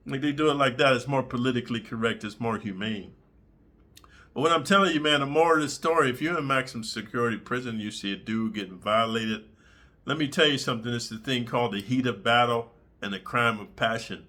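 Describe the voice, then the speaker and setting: A man hosting his channel, telling crude prison stories in a blunt, streetwise, animated way full of slang. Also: mid-range voice, a little fast. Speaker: channel host. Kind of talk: crude prison storytelling monologue.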